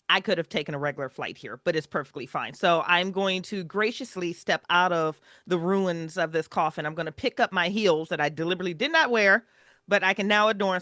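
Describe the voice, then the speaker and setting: Woman player, bright voice, arch and haughty in character, dry close mic. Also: on the low side, no echo. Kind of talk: playing a character in a tabletop game.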